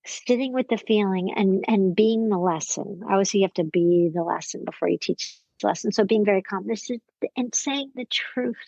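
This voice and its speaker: Woman, psychiatrist guest, lively storytelling, mid-pitched voice, dry, slightly muffled recording. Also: brisk, creaky, no room sound. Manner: warm-hearted storytelling, lively, quotes people in acted voices. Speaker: psychiatrist and parenting expert, guest. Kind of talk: podcast interview conversation.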